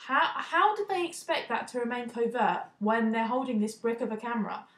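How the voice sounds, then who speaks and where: Young woman from the UK, fairly high voice, indignant casual rant, echoey room. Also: a bit bright. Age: young adult. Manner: indignant, fast, restarts often. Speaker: vlogger. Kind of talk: opinion vlog, casual rant.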